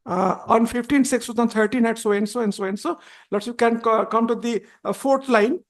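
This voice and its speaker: Halting, deferential advocate. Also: male voice, very high-pitched, fairly even intonation. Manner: halting, deferential, constantly repeats "my lords". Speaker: advocate arguing before a judge. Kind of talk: courtroom argument.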